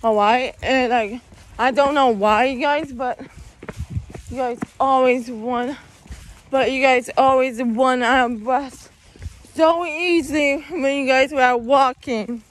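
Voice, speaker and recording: A woman's voice: high-pitched, fairly even intonation, slow. A young woman vlogging outdoors while she walks, talking to her viewers in a rambling way and saying "you guys" constantly. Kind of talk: casual walking vlog. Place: outdoors on a walk.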